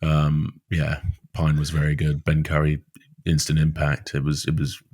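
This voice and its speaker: A man with a very deep voice co-hosting a casual rugby chat. His delivery is easygoing and filled with casual fillers as he breaks down the game. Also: completely flat delivery, moderate pace, darkish tone, breathy edge. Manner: laid-back, says mate and like a lot. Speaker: podcast co-host.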